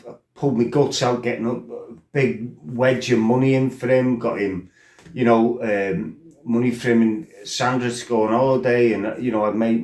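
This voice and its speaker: A middle-aged former kickboxer, with a medium-pitched, slightly mellow voice, tells bluntly rambling life stories packed with "you know" and "right?". The room gives a noticeable echo.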